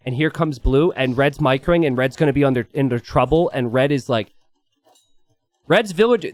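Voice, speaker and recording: Young man, game commentator, lively swooping voice, chatty storytelling, dry close mic. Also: a little high, no echo. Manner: animated, chatty, lots of "like" and "right?".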